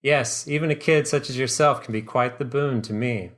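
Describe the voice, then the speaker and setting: A man's voice: mid-range voice, normal speed, a bit bright, natural voice. A man voicing a pasty, unkempt male company boss who talks in awkward, smarmy sales patter. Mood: smarmy pitch.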